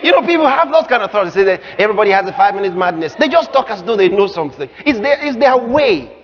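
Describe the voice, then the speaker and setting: A male pastor preaching a sermon, emphatic and often shouting, acting out the voices of the people he quotes. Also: sits high, big pitch swings, quick pace. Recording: muffled live recording with crowd and noise.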